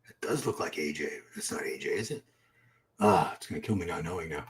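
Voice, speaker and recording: Middle-aged male streamer, relaxed off-the-cuff commentary, reacts to chat as he goes. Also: rumbling low, a little fast. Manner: chatty, thinks aloud, reacts to chat. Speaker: livestream host. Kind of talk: casual live-stream commentary. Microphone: computer mic for live stream.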